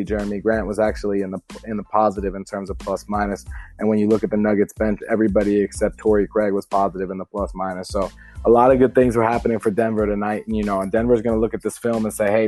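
A man's voice: fairly low pitch, mellow. A man hosting a solo sports podcast in a casual, emphatic way, reading an ad and breaking down a game. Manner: casual, emphatic, swears freely. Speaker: podcast host.

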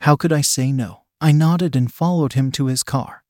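A man narrating an erotic story in a steady, even reading manner. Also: medium pitch, moderate pace, no room sound, clean studio sound.

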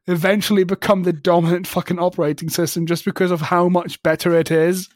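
Podcast co-host, man, slightly high voice, sarcastic sweary rants, dead dry room. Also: flat delivery, fast talker, dry recording. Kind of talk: casual tech podcast chat.

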